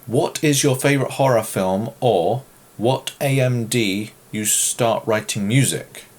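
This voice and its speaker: A man's voice: mid-range voice, a little slow. A man from England with an English accent, chatting casually as he answers viewer questions, joking and self-deprecating. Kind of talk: casual Q and A chat.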